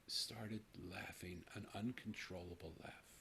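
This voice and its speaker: A man's voice: deep voice, steady tone, normal speed, fairly bright tone, slight background noise. A man in his sixties, a podcast host telling a personal story to his guest in an earnest, reflective way. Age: 60s.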